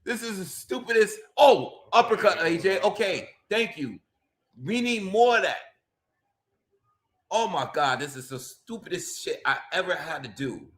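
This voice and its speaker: A man's voice: fairly high pitch, expressive, measured pace, a bit bright. A man doing live reaction commentary on a boxing fight, exasperated and ranting, with frequent exclamations.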